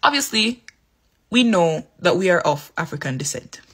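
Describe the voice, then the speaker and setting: A Jamaican vlog host with a Jamaican accent, reacting to a clip and arguing a point in casual, animated commentary. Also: mid-range voice, normal speed, slightly rough. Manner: argumentative, explanatory, animated.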